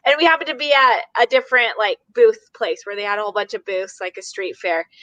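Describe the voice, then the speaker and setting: A woman's voice: medium pitch, fast, sharp tone, no room sound, highs cut off. A woman hosting a casual video chat, chatty and affirming, telling a personal story. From United States.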